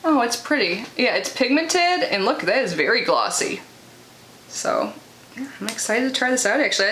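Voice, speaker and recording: A woman's voice: fairly high pitch, fairly bright tone. A young woman in casual unboxing chat, chatty and full of filler words as she reads out product blurbs. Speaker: unboxing vlogger. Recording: echoey room with faint noise.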